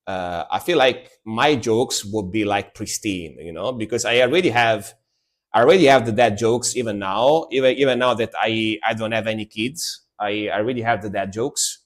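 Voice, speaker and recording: A man from Italy with an Italian accent, streaming music reactions in casual, rambling commentary that repeats words and pokes fun at himself. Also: on the low side.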